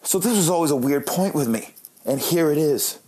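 A man's voice: fairly high pitch, expressive, normal speed, dark tone, breathy edge. A man in his late thirties, a comedian, telling joking, self-deprecating stories in a monologue. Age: late 30s. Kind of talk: comic storytelling monologue.

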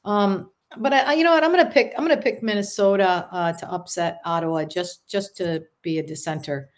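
A chatty woman co-host on a sports talk show, with a voice of middling pitch. She laughs easily and thinks aloud with plenty of fillers as she makes her picks. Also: brisk. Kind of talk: casual sports chat.

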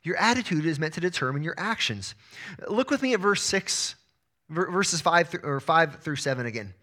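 Male pastor, thirties, forceful bright tone, slightly higher voice, lively preaching. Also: moderate pace. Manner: energetic preaching, repeats words when starting phrases. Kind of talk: sermon.

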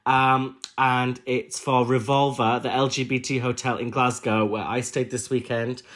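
A man's voice: mid-range voice, little pitch movement, unhurried, a bit bright. A man co-hosts a comedy podcast in a nasal, stuffed-up voice. He makes dry jokes in easy, casual chat. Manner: dry, joking. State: congested from allergies. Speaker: podcast co-host.

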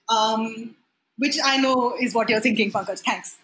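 A woman's voice: on the high side, a little slow, a bit bright, echoey room, rough recording. A woman in her thirties with an Indian accent, chatting animatedly as a podcast guest, laughing often and slipping into Hindi. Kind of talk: casual chat.

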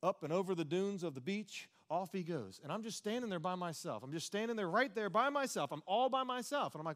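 A man preaching a sermon with passion, telling a story and building up to shouts. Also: high-pitched, lively intonation, brisk, few pauses.

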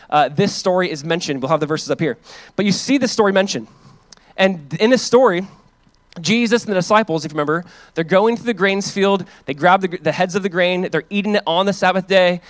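A young man preaching through a Bible passage as pastor, explaining it in a relaxed, conversational way. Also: sits high, brisk, no room sound. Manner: casual, conversational teaching with checks on the audience. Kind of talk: expository sermon.

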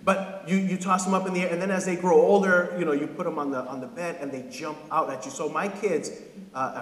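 A man in his thirties preaching a casual, joking sermon as a pastor, often checking in with his listeners. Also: mid-range voice. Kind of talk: conversational sermon. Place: church sanctuary. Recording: echoey hall with long reverb.

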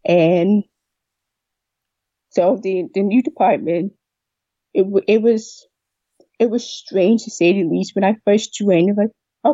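A young deaf woman telling a long personal story in an interview, replaying what people said to her with lively voices. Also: medium pitch, measured pace, pauses often, husky, dry recording, muffled recording. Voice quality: deaf speech. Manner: rambling, animated retelling of dialogue. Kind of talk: casual storytelling.

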